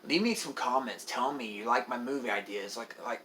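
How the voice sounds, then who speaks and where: A young man from Oklahoma rambling through a casual movie review vlog, excitable, with lots of fillers and swearing. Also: mid-range voice, brisk, few pauses, slight background noise.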